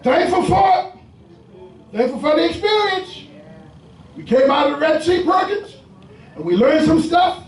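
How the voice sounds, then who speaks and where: High-voiced shouting pastor in echoey church. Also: male voice, sing-song, measured pace, pauses often, distant mic. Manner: call-and-response preaching, often shouting. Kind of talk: sermon. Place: church sanctuary with congregation.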